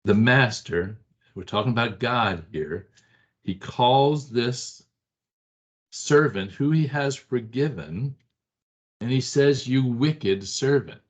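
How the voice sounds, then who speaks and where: A man leads a Bible study class in a conversational, emphatic way, repeating short phrases and constantly asking the class "right?" His mid-range voice is animated and slightly rough, delivered slowly with long pauses. The classroom recording is dull and lo-fi.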